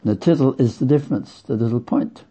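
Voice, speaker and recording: A man preaching a sermon slowly and with emphasis, repeating phrases for weight. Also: medium pitch, dark tone, husky. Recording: dull lo-fi sound.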